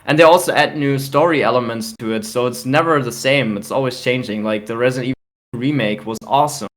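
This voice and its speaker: A man's voice: mid-range voice, fast talker. A young man co-hosting a casual gaming podcast, opinionated and emphatic, grumbling about trends. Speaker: podcast co-host.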